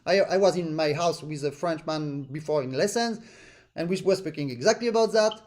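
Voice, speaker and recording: A man's voice: on the high side, brisk, darkish tone, a little hiss or hum. A man teaching an accordion master class in an online lesson, earnest and demonstrative, repeating points to stress them and singing rhythms in syllables. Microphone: online lesson stream.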